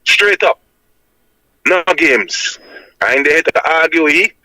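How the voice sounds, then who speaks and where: Insistent high-voiced Jamaican man preaching. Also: lively intonation, slow, bright, forceful tone, no room sound, poor audio. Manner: emphatic and insistent, repeating "my lad" as a tag. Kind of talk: preaching-style reasoning.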